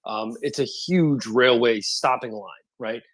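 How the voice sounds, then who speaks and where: A man in a casual online audio chat, explaining things quickly and often checking in with "right?". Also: mid-range voice. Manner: talks fast, keeps checking in with "right?". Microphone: phone on spotty Wi-Fi and mobile data.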